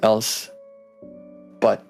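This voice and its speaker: Soft music plays behind a game master narrating a tabletop session, his words drawn out and his tone darkish. He laughs, curses and playfully teases the players as he jokes around.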